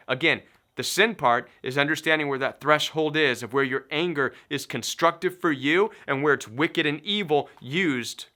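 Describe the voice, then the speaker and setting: A middle-aged man talks listeners through a self-help lesson in a bright, forceful voice that sits a little high. He is emphatic and preachy, hammering his points with repetition. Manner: emphatic, preachy, repeats key phrases. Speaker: recovery coach. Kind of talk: motivational self-help talk.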